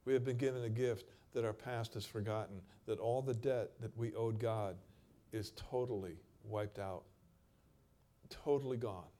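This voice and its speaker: A man preaching a sermon, reading scripture aloud in a dramatic way and moving between loud stretches and quiet emphasis. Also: lowish voice, normal speed.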